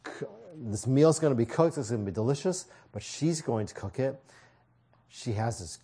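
A man's voice: mid-range voice, animated, moderate pace, mellow, husky. A man preaching a sermon, reading scripture and explaining it in a conversational way with casual asides.

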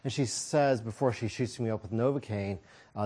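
A man's voice: on the low side, moderate pace, warm tone, husky. A man preaching a sermon, telling a personal story with self-deprecating humor and frequent chuckles.

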